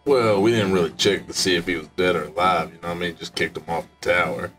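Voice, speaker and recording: A man's voice: deep voice, fairly even intonation, quick pace, fairly bright tone, faint music behind. A man playing a tabletop game, easygoing and chuckling. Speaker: player. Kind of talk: casual in-character play.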